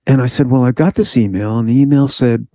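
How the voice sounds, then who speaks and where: A man telling a personal story in an interview, animated, acting out the voices of the people in it. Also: mid-range voice, quick pace, no echo. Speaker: guest.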